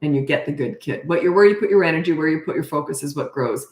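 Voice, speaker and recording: A woman's voice: low-pitched, quick pace, darkish tone, roomy sound. A woman in her fifties, a parenting coach who hosts live streams, talking casually and telling stories with a chatty, self-mocking way of talking. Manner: chatty, storytelling, self-mocking, restarts and trails off. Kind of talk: casual livestream talk.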